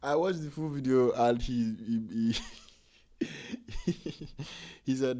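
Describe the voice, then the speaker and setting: Reacting casually to video clips, a man rambles and halts, correcting himself and filling gaps with "like." His voice is mid-range and mellow.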